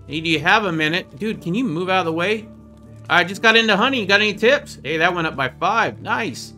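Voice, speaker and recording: A man with a high, bright, forceful voice gives casual gameplay commentary as the show's host. He is chatty and playful and pokes fun at himself. Faint music plays underneath him. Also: animated, brisk. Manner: chatty, playful, jokes at his own expense. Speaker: gaming video host.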